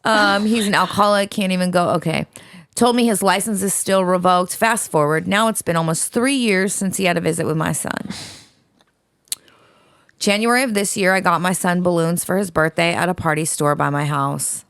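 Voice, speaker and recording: A woman's voice: on the low side, moderate pace, a bit bright, no echo. A woman co-hosting a podcast, reading a listener's letter aloud in a blunt, profane, dramatic way.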